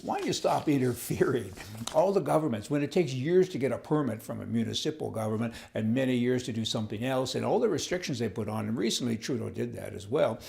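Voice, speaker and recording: A man with a gravelly, creaky edge to his voice, ranting through a political opinion piece. He sounds indignant and sarcastic, stumbling over fillers and repeating himself as he goes. His pitch sits right in the middle for a man. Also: expressive, fast, a little mellow. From Canada. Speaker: political commentator. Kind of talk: opinion monologue.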